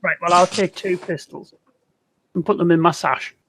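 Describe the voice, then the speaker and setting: An older man playing a tabletop game, speaking deliberately with a mock-menacing edge. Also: high-pitched, steady tone, a bit bright, slight background noise. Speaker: player.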